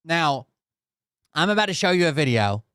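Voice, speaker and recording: A man's voice: on the high side, big pitch swings, normal speed, fairly bright tone, clear, resonant tone, no room sound, studio quality. A man hosting a reaction commentary show, blunt and sarcastic, swearing freely as he introduces clips. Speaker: commentary channel host.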